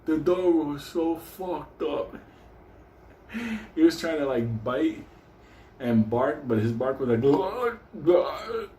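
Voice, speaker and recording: A man's voice: fairly high pitch, steady tone, slow, long pauses, noisy background. A man hosting his own show, telling a story in casual, heavily profane speech, laughing often as he goes, recorded with a roomy echo. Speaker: host.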